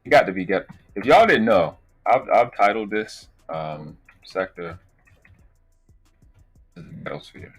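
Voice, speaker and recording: A man's voice: on the low side, sing-song, a little slow, pauses often, slightly rough, soft background music. A man with a Baltimore accent hosting a live stream, talking loose and profane, rambling with slang. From Baltimore, USA. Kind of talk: casual live stream commentary.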